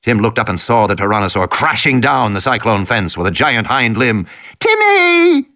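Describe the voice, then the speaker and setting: A man's voice: lowish voice, fairly quick, bright, forceful tone. A man giving a dramatic audiobook narration that builds with the tension. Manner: dramatic, rises and falls with the tension. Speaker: audiobook reader.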